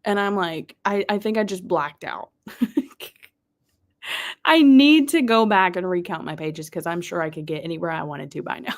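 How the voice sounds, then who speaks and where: Speaking at normal speed in a fairly low voice, the host of this reading-sprint livestream chats easily and reads out messages from viewers. Frequent laughter punctuates her talk, with occasional dips into a quiet whisper.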